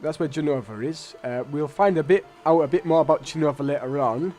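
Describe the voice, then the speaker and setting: A man's voice: on the high side, brisk, warm tone, soft background music. A man giving casual, rambling, blunt commentary while playing a video game. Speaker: let's play host.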